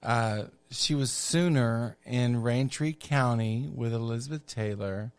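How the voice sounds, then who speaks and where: A middle-aged man telling a long personal story on a podcast, campy and chatty with unhurried asides. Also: mid-range voice, smooth, no room sound. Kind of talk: casual storytelling.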